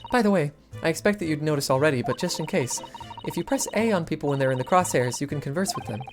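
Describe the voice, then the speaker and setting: A woman voicing an eager, formal young female assistant from a game, set a little higher than her own voice. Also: expressive, fast, music in the background. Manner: prim and formal.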